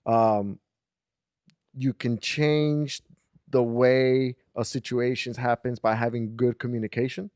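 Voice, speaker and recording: A man's voice: medium pitch, fairly even intonation, slow pace, a little mellow, smooth, no room sound, studio quality. A man co-hosting a casual podcast, asking probing, teasing questions. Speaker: podcast co-host. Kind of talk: casual chat. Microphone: podcast studio mic.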